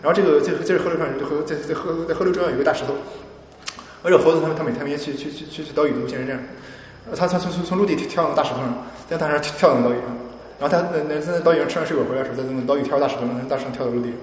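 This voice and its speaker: A man with a mid-range voice retells a story quickly, tripping over his words and repeating them. He sounds a few steps from the mic, in a room with long reverb and faint background ambience. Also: fairly high pitch, distant mic, a little hiss or hum. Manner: stammers and repeats words while searching.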